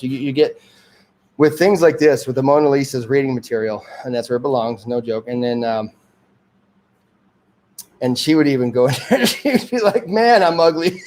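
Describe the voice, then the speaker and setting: A man from the Detroit area talks at an ordinary mid-range pitch, hosting his own homemade show in a loose, rambling monologue. He wanders from tangent to tangent, chuckling often and trailing off before restarting. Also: darkish tone. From Detroit area, Michigan. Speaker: host of a homemade magazine show.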